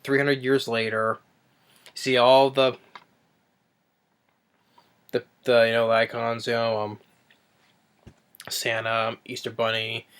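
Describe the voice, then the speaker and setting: Bright, smooth-voiced man rambling through a review. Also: medium pitch. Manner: rambling, with many restarts and self-corrections. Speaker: film reviewer. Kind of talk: casual spoken movie review.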